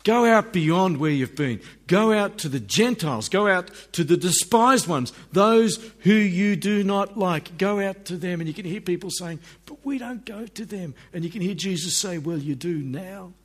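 A middle-aged man delivers a sermon with energy. He slips into the voices of the people in his stories. His voice sits a little higher than most men's. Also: normal speed, hardly any pauses. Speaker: preacher.

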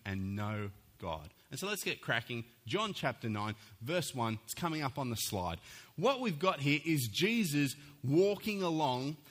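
A man, preaching a sermon and telling a story with acted-out voices. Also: mid-range voice. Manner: animated storytelling, acts out voices. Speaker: pastor.

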